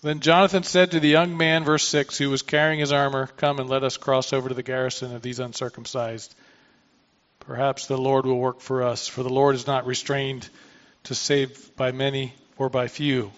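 A man's voice: mid-range voice, flat delivery, a little fast, fairly bright tone, lo-fi sound. A man preaching a sermon, reading scripture aloud and then explaining it in a conversational way with asides and restarts. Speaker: pastor.

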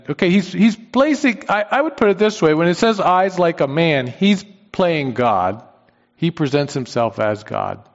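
A man leads a Bible study, talking it through informally with frequent restarts and questions tossed to his listeners. His voice sits at an ordinary middle pitch. The recording is dull and lo-fi, with a long hall reverb trailing each phrase. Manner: thinks aloud with frequent restarts, asks the class questions. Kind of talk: conversational Bible teaching.

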